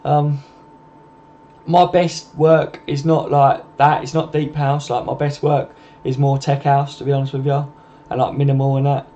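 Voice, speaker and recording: A man's voice: medium pitch, level tone, normal speed, dark tone. A man hosting a casual live stream, chatting to viewers and calling them mate. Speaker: host. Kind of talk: casual live-stream chat reading comments. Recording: dull lo-fi home stream with faint noise.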